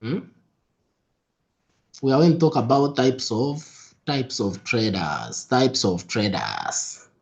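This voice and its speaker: A young adult man hosts a live trading stream, greeting viewers and repeating himself in an upbeat way, dropping into soft asides. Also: medium pitch, big pitch swings, takes it slowly, creaky, long pauses. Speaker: trading mentor hosting a livestream. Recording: lo-fi stream audio.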